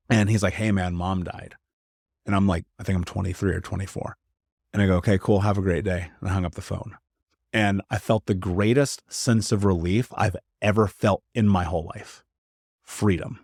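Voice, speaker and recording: A man's voice: on the low side, a little mellow, no room sound, studio quality. A man in his thirties, a podcast guest, telling a hard personal story in an earnest, emphatic way, often saying "like". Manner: earnest, emphatic, frequent "like" fillers.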